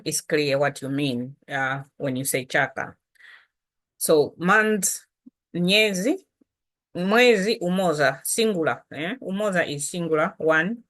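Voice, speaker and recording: A woman gives a language lesson, speaking very slowly and patiently. Her voice sits a little low, and she repeats each word with care. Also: a bit bright. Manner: patient, explains slowly with repetition. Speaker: language teacher.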